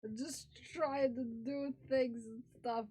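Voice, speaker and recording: A woman's voice: a little high, steady tone, slow, dark tone, breathy edge. A woman livestreaming as she crafts, chatting playfully with her viewers while she works.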